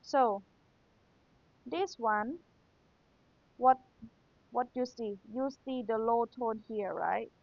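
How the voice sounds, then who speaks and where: A woman's voice: a little high, takes it slowly, creaky, pauses often, no echo. Woman teacher with tinny, dry sound. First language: Thai. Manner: patient, repeats key points, checks with rhetorical questions. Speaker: Thai language teacher. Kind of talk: exam review lesson.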